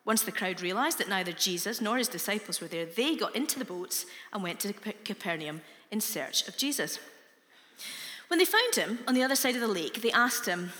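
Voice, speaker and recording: A woman reads scripture aloud slowly and deliberately. Her voice is bright and ringing. A long reverb trails each phrase, as in a large hall. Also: mid-range voice, big pitch swings. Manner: slow, deliberate reading. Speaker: scripture reader.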